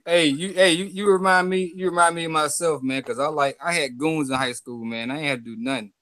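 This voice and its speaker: A man's voice: a little high, steady tone, fairly quick, fairly bright tone, no room sound, clean studio sound. A man on a podcast panel joking and teasing the others in casual banter.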